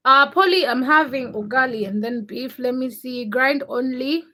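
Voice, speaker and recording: A young woman chats on a livestream in a high, bright voice. She teases viewers and calls out names from the comments. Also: moderate pace. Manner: teasing and laughing, reads chat names aloud. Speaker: livestream host. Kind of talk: casual livestream chat, reading comments.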